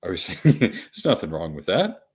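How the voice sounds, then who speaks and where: A man's voice: deep voice, huge pitch swings, breathy edge. A man hosting a podcast, wryly and patiently walking listeners through a news story, step by step. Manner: wry, patient, explains slowly and deliberately. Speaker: podcast host. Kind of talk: casual podcast commentary.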